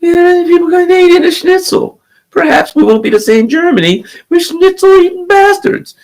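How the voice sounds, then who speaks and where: A man voicing a mocking caricature of a German everyman in an exaggerated, shrill, comic tone. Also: animated, normal speed.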